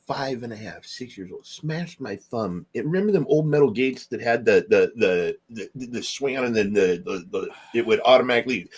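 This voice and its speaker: A man's voice: medium pitch, brisk, few pauses, slight background noise. A middle-aged man co-hosting a podcast in casual chat, telling stories and acting out the people in them. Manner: storytelling, animated voices for quoted people. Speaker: podcast co-host.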